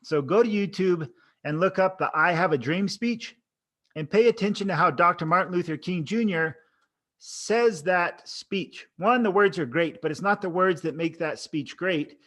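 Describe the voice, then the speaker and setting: A man's voice: sits high, normal speed, fairly bright tone. A man giving casual coaching talk to camera, demonstrating expressions and vocal tones as he teaches. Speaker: oral board coach. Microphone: camera framing, speaking to camera.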